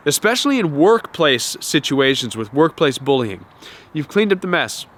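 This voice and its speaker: A man hosting a self-help talk to camera, animated, often acting out quoted voices and repeating words. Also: on the high side, normal speed. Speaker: self-help video host.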